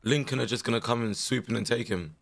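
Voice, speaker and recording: A young man with a strained voice, giving animated, slangy commentary while playing a management game. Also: medium pitch, fast, gravelly. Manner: animated, exclaiming, slangy banter. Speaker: gaming content creator. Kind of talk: casual gameplay commentary.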